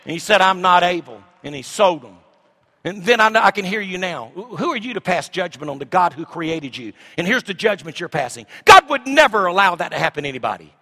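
Middle-aged man, pastor mid-sermon, bright ringing tone, big dynamic swings. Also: sits high, big pitch swings, a little fast. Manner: swings from shouting to hushed asides.

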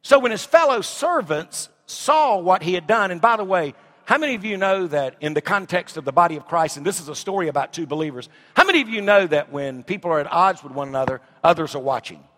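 A man's voice: high voice, lively intonation, a little fast, bright, forceful tone. A man preaching a sermon in a church, reading scripture and asking the congregation emphatic rhetorical questions. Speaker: pastor. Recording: long hall reverb.

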